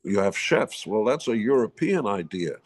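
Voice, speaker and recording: In a casual interview, an American musician in his seventies tells stories bluntly, full of opinions and profanity. His voice is fairly low and sing-song, at a normal speed.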